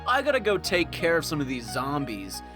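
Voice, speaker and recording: A man's voice: on the high side, huge pitch swings, a little fast, music in the background. A man voicing a laid-back, careless male cop in a comedic game retelling. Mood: breezy.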